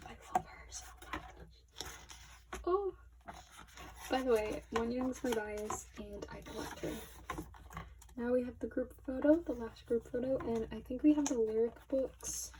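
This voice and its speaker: A young woman unboxing albums at her desk in casual commentary. She gushes excitably, her voice shaky, often dropping to a near whisper. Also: on the high side, noisy background. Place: small room at her desk.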